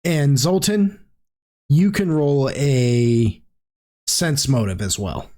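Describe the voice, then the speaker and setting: A man's voice: mid-range voice, slow pace, warm tone. Rambling man narrating a tabletop game. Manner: casual, rambling with many fillers. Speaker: game master.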